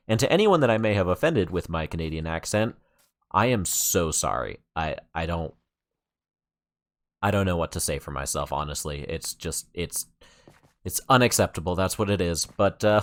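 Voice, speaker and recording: A man with a fairly low voice gives casual let's-play commentary, rambling and padding his talk with fillers and restarts. He gets excited easily as he shows things off. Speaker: gaming channel host.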